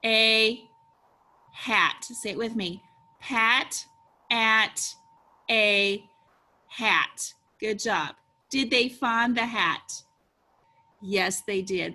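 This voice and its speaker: A woman teacher leading an early-reading phonics lesson for young children, slow and encouraging with sing-song prompts. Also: fairly high pitch, bright, forceful tone.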